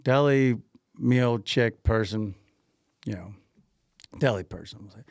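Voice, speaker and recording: A man co-hosting a podcast, casually telling an animated anecdote, laughing often and repeating himself. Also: lowish voice, measured pace, creaky, slightly rough, no room sound, studio quality. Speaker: podcast co-host and grocery store owner.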